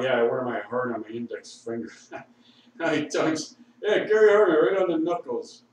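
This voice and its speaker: A man's voice: mid-range voice, very echoey, distant mic, a little hiss or hum, rough recording. An intoxicated man rambling profanely with laughs, talking outdoors on a street corner. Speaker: vlogger.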